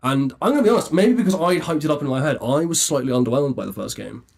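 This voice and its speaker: A man's voice: fairly high pitch, animated, fast talker, gravelly, darkish tone. A young man co-hosting a casual podcast, chatty and rambling, laughing often between his points. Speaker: podcast co-host. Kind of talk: casual chat.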